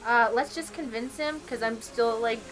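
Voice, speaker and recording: A woman co-hosting a game let's play, reacting in an exasperated, profane, animated way. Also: fairly high pitch, moderate pace, faint music behind. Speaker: gamer co-host.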